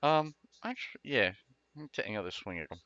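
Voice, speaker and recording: Quiet hesitant guy at a d&d table, bright tone but muffled lo-fi audio. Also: fairly low pitch, animated, a little fast, no room sound. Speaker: player. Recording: dull lo-fi sound.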